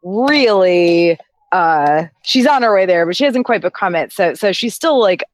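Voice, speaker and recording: A woman's voice: fairly low pitch, animated, unhurried. A woman on a fan podcast panel, talking in a rambling way with lots of restarts. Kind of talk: casual livestream chat.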